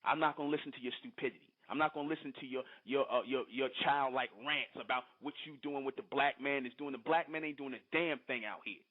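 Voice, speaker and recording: Scolding radio host on a tinny line. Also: male voice, mid-range voice, fast talker, few pauses. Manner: combative, scolding, repetitive lecturing. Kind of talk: heated call-in radio rant. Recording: tinny phone-line broadcast audio.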